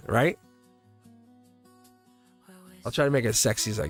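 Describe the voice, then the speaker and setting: A man's voice: medium pitch, measured pace, long pauses, faint music behind. A man hosting a live tarot stream in a casual, rambling way, chuckling often and joking with his viewers.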